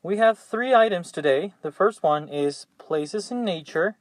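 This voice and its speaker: Slow man teaching English. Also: high-pitched, animated, no room sound. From Mexico. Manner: repeats each word three times, patient. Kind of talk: classroom vocabulary drill.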